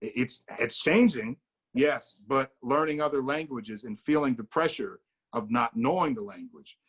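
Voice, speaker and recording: An American man talking casually in a discussion, at an ordinary middle pitch. He thinks out loud, circling back and restarting his sentences. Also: normal speed, slightly rough. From United States. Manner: thinks aloud with restarts and hedging fillers. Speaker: discussion participant.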